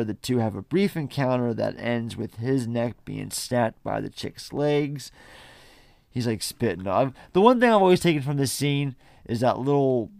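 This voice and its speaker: A man's voice: mid-range voice, vocal fry, a little mellow, no room sound, studio quality. A man co-hosting a film podcast, recapping a plot in a laid-back, wry way. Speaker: podcast co-host.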